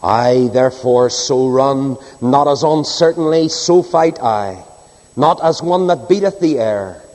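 A man preaching a sermon and reading scripture, swinging between soaring high cries and low hushed drops. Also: lively intonation, takes it slowly. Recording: long hall reverb.

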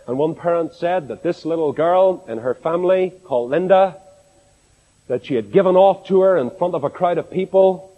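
A man's voice: a little high, phone-quality sound. A man with a Northern Irish accent preaching a sermon to a congregation, speaking expressively and asking rhetorical questions in an echoey hall. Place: large assembly hall.

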